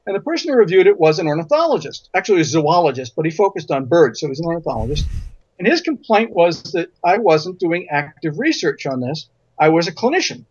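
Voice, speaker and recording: High-voiced man, emphatic, lo-fi audio. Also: big pitch swings, a little fast, darkish tone, breathy edge, no echo. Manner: emphatic storyteller who repeats words for stress. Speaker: physician and guest. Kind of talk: interview conversation. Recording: dull lo-fi audio.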